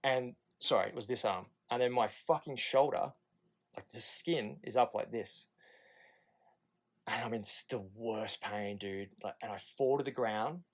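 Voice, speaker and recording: Man, thirties, Australian accent, candid and profane, casual storytelling, middle pitch. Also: measured pace. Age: 30s. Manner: candid and profane, acting out the nurses in quoted asides. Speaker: podcast guest.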